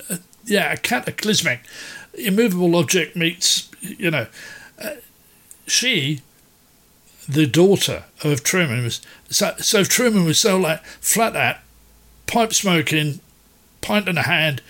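A man's voice: on the high side, very animated, a little slow, sharp tone. Rambling man hosting a quiz. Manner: rambling, jokey, wanders off topic. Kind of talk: casual on-air chat.

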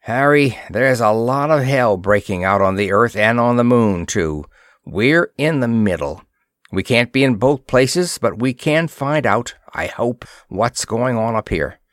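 A brisk spaceship commander, as a man reading the story puts him on speaks in short, clipped orders. The voice sits close and dry, with no room around it. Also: medium pitch, lively intonation, no echo, close to an everyday voice. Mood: commanding. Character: brisk middle-aged male spaceship commander.

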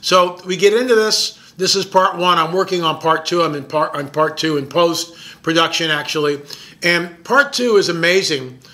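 Bright, excited man telling a story. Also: on the high side, moderate pace. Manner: excited, emphatic, repeats words. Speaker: documentary filmmaker. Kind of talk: casual storytelling monologue.

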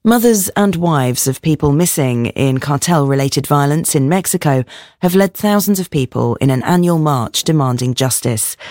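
A newsreader reading a world news bulletin in a steady, formal delivery. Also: medium pitch, no room sound, clean studio sound.

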